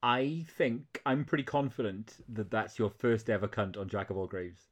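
A man's voice: on the low side, moderate pace. A man co-hosting a podcast, chatting casually with a joking, playful manner and some swearing. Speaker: podcast co-host. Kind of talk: casual chat.

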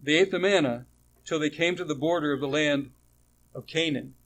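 Male pastor, slightly higher voice, chatty sermon with rhetorical questions. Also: moderate pace, fairly bright tone, a little hiss or hum. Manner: conversational, rhetorical questions, frequent restarts.

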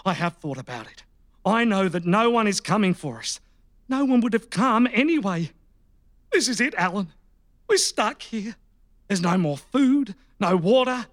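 An actor playing a grim, deadpan, vengeful captor in a comedy audio drama. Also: male voice, high-pitched, moderate pace.

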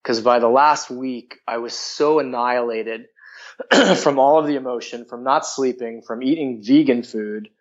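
A man's voice: mid-range voice, measured pace. Rambling man with a dull lo-fi sound. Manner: rambling, frank, heavy use of filler words. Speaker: guest. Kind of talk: candid personal storytelling.

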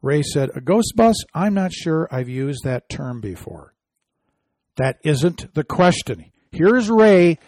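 A man's voice: a little high, sing-song, slow pace, darkish tone, dry recording, clean studio sound. A man hosting an opinion commentary show, reading quotes aloud and answering them with indignant, scoffing remarks.

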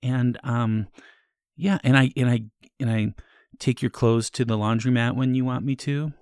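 A man playing a timid, stammering young male assistant in his twenties who keeps breaking into deep demonic growls. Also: steady tone, moderate pace, darkish tone, smooth, no room sound, studio quality, close to an everyday voice. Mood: nervous. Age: 20s. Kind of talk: improvised comedy podcast. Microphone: headphones and studio mic.

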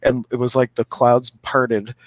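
A man's voice: mid-range voice, level tone, a little slow, no echo. A man co-hosting a casual spiritual chat, telling stories in a rambling way with many restarts. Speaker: co-host, energy healer.

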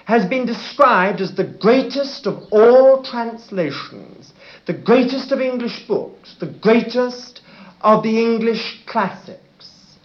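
A man teaching a sermon about Bible versions, speaking in a deliberate way and often adding "you see". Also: high voice. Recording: roomy, muffled old recording.

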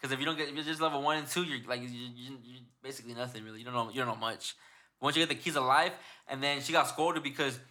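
A man's voice: medium pitch, quick pace, pushed and bright. A young man hosting a podcast in casual chat, rambling and swearing as he retells stories. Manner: rambling, profane, retells stories with put-on quotes. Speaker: podcast host.

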